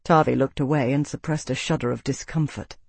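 A man's voice: medium pitch, fairly quick, gravelly, breathy edge, no room sound. Male audiobook narrator, dry close sound. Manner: steady storytelling. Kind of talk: scripted narration.

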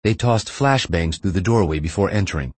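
A man reading a thriller audiobook in a steady, measured way. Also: sits low, slightly rough, no echo. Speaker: audiobook narrator. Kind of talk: scripted thriller narration.

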